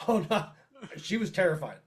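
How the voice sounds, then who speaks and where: A man with a fairly high voice tells animated, profane stories. His delivery is blunt and lively in loose banter among friends. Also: normal speed. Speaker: podcast co-host. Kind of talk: casual chat.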